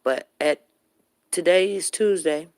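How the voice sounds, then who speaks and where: A woman's voice: on the low side, slow pace, darkish tone, clear, resonant tone, dry recording, studio quality. A woman vlogging at home into her phone, a little out of breath after a walk, chatting casually to her viewers. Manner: chatty, addresses viewers directly, talks to her dog. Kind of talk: casual live-stream chat while walking home. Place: at home, indoors.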